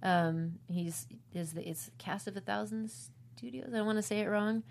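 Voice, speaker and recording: A woman's voice: medium pitch, moderate pace, gravelly, slight background noise. A young woman actress chatting casually about a role she played, laughing often and telling stories with quoted lines. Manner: laughs often, animated storytelling with acted quotes. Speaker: actress discussing her role. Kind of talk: casual chat.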